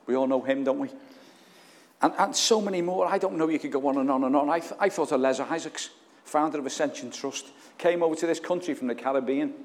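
In a church, a man serving as pastor delivers an emotional, earnest sermon, asking the congregation questions. His voice sits at medium pitch with a slightly mellow quality, and the hall's long reverb carries it.

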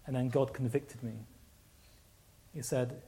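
A man's voice: mid-range voice, flat delivery, measured pace, mellow. A man preaching a sermon, telling a personal story with many restarts and repeats.

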